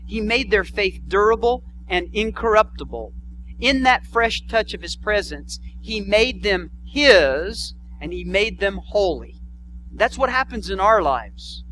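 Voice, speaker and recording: A middle-aged man, a pastor, giving a sermon and telling a story with animated delivery. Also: sits high, slight background noise, poor audio. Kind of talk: sermon with a told joke story.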